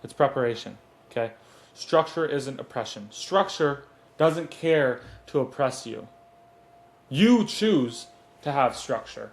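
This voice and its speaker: Earnest rambling male podcast host. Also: a little high. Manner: earnest, rambling, fixes gear mid-recording. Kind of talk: solo motivational podcast talk. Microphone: desk mic on a stand.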